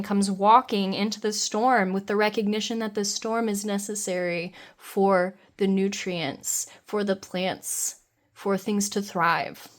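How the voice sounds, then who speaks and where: A woman doing a pick-a-card tarot reading, talking in a dreamy, meandering and enthusiastic way with soft laughs. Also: mid-range voice.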